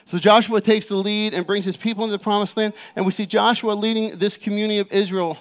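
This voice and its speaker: A man's voice: high voice, fairly even intonation. A middle-aged man preaching a sermon as a pastor, telling personal stories in a loose, conversational way with many fillers before reading scripture aloud. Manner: reads scripture aloud slowly.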